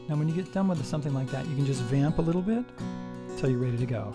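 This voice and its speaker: A man's voice: on the high side, lively intonation, fast talker. A man giving a casual guitar lesson, walking through a song and counting out the beats. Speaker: guitar teacher. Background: acoustic guitar playing.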